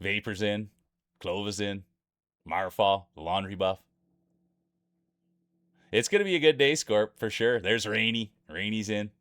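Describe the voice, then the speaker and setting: A man's voice: fairly low pitch, unhurried, long pauses, a bit bright, no room sound. A man commentating marble races on a live stream, greeting viewers by name and hyping up close finishes. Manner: upbeat, greets chat viewers by name, hypes race finishes.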